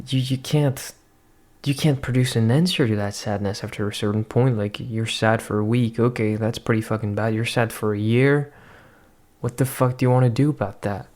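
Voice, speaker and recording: A man's voice: lowish voice, creaky, a little mellow. A young man, not a native English speaker, delivering a rambling, profane, introspective monologue as a vlogger.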